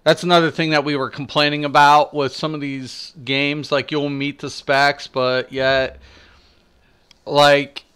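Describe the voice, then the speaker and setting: A man's voice: on the high side, flat delivery, a little slow, a bit bright, clean tone. A man giving casual, rambling gameplay commentary, swearing and complaining as he plays. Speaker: gaming streamer.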